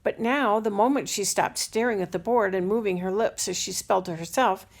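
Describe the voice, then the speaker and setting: Woman, audiobook narrator for a children's classic, mid-range voice with vocal fry. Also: mid-range voice, a little fast. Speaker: audiobook reader. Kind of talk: scripted narration of a children's novel.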